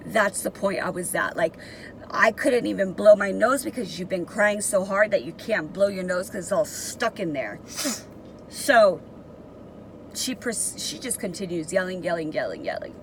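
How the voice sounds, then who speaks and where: A woman's voice: medium pitch, expressive, normal speed, a little hiss or hum, low-quality recording. A young woman vlogger telling a personal story in a casual, emotional and profane way, rambling with many fillers.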